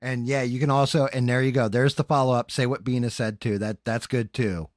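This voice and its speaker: A man's voice: medium pitch, fairly even intonation, a little fast, no echo, clean studio sound. Profane, joking male livestream host. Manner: loose, profane banter with the live chat. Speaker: podcast host. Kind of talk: casual livestream chat.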